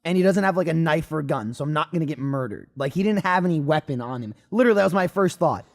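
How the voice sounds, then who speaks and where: A young man on a podcast telling a story in casual chat, animated, swearing and acting out the quotes. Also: fairly high pitch, fast talker, creaky. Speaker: podcast regular.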